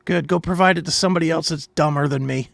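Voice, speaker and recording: A man co-hosting a podcast, telling profane, animated stories in casual chat. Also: on the high side, quick pace, vocal fry, no echo. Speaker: co-host.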